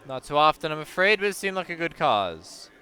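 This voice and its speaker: A modest watchmaker chatting at a charity gala in a video game, read out by a man. He talks mildly and slowly, in a clear, bright voice. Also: a little high, sing-song, faint music behind.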